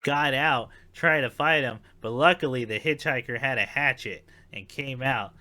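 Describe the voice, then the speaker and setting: A man chats on a podcast, telling a wild tale in a loose, laughing way with some swearing. His voice has a bright, forward edge. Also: medium pitch, moderate pace. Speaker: podcast co-host. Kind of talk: casual chat.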